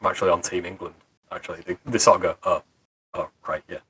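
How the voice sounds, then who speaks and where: A male podcast guest chatting easily, with a lowish, husky voice that still carries a bright, forceful edge. He tells stories in a relaxed, joking way. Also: rapid-fire. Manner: relaxed anecdotal storytelling with chuckles. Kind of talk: casual podcast chat.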